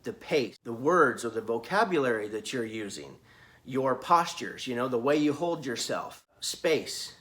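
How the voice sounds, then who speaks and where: A man's voice: mid-range voice, very animated, a little slow, a bit bright. A man giving earnest business advice in a casual video, asking the listener many questions and often restarting his words. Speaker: business coach.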